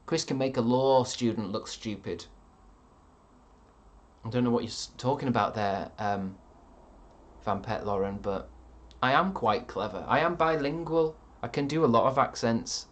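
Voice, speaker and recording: Rambling streamer. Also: male voice, on the low side, unhurried, fairly bright tone. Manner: rambling, dry joking with many ums. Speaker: streamer reading chat. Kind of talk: casual live stream chat.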